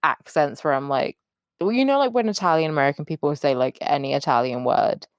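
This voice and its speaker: A young woman with a fairly low voice that swings widely in pitch, co-hosting a podcast. She talks casually and sarcastically and swears freely. The sound is close and dry. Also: expressive, brisk, dry recording. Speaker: podcast co-host. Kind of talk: casual chat.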